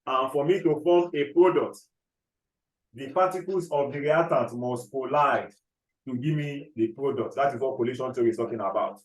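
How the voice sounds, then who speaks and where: A man teaches chemistry in a classroom, dictating notes, slowly repeating key phrases, and often checking whether the class follows. His voice is mid-range, and the low-quality recording is reverberant.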